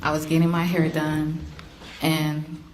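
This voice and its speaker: A woman speaking as a victim's mother in court, an animated storyteller who acts out the voices she quotes. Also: deep voice, takes it slowly. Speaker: victim's mother giving an impact statement. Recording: roomy courtroom, faint hiss.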